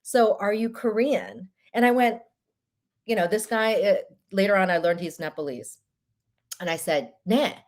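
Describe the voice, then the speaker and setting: Lady hosting a live stream, chatty and animated, mid-pitched voice. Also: moderate pace, long pauses. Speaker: host of a live stream show. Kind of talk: casual live-stream chat.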